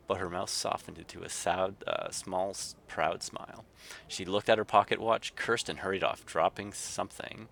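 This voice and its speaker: A man's voice: low voice, vocal fry, a bit bright, a little hiss or hum. A man livestreaming a game, reading its text aloud and chatting casually with viewers. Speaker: streamer.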